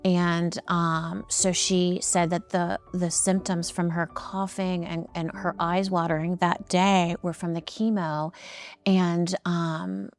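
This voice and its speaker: A woman telling a heartfelt story in an interview, earnest and halting, with frequent ums and restarts. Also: lowish voice, flat delivery, faint music behind. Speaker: nonprofit founder and guest.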